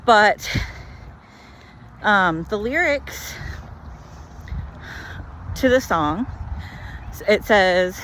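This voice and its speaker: A woman vlogging while walking, telling a story in a chatty, animated way full of "like". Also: mid-range voice, very slow, long pauses, slight background noise. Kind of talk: walk-and-talk storytelling.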